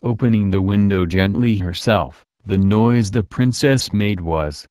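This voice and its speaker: A man reading a classic novel aloud as an audiobook, voicing every part in a brisk, even reading voice. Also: fairly low pitch, no echo, clean studio sound. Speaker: audiobook reader. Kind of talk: scripted narration.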